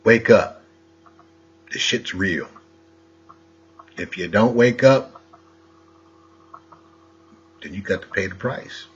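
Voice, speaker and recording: Husky low-voiced guy preaching slow, lo-fi sound, lots of rhetorical questions. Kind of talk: rambling wordplay monologue.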